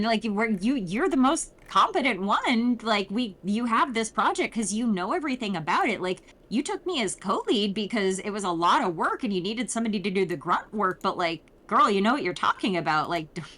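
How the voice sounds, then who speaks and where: A woman's voice: mid-range voice, big pitch swings, a little fast, few pauses, a bit bright. A woman voicing a chatty, teasing young woman cousin, quoted in a game recap.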